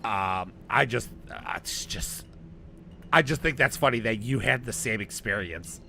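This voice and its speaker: Gravelly man rambling through a story. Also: on the low side, a little slow, sharp tone, slight background noise. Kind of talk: casual storytelling chat.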